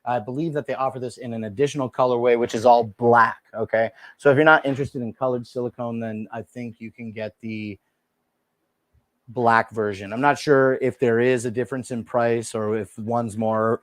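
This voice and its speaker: Seated at a desk in a small room, a man hosts a casual livestream showcasing products, talking into a desk microphone with no room sound. His medium-pitched voice has fairly even intonation and a moderate pace, and he is chatty and full of fillers, calling viewers dude and bro.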